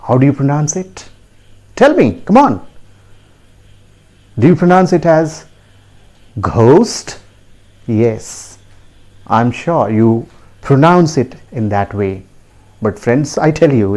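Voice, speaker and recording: A man teaches word pronunciation in a slow, measured way. His voice is mellow and unhurried, and he repeats each word and checks in with his listeners. He speaks at an ordinary middle pitch. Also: expressive. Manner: slow, deliberate, repeats words and asks learners to repeat; frequent rising tag questions to the audience. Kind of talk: classroom lesson to camera.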